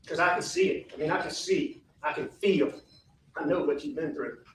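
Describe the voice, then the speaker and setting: A man speaking slowly and haltingly as a defendant in a courtroom, repeating his apologies in a formal statement. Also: fairly high pitch, fairly bright tone, slight background noise. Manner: slow, halting and repetitive, apologetic. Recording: echoey distant courtroom audio.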